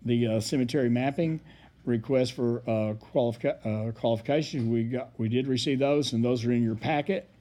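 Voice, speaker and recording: A man giving a rambling report at a city council meeting, halting with many fillers. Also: mid-range voice, warm tone.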